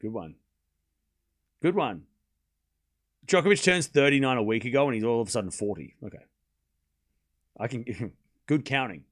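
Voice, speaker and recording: A man hosting a live tennis watchalong stream, calling points with excitement and chatting casually and bluntly with his viewers. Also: medium pitch, moderate pace, pauses often. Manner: excited play-by-play, then ranting casually at chat. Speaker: stream host and tennis commentator. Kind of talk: live watchalong commentary with chat.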